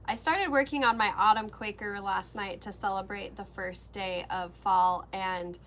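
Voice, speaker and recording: A woman's voice: medium pitch, measured pace, a bit bright, a little hiss or hum. A woman co-hosting a casual craft-shop livestream, chatting and laughing while she stitches. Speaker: shop co-host.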